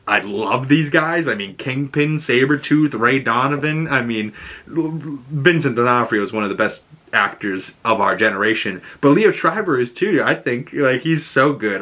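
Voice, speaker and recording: A man giving a casual, animated movie review, chatty with lots of fillers and swearing. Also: medium pitch.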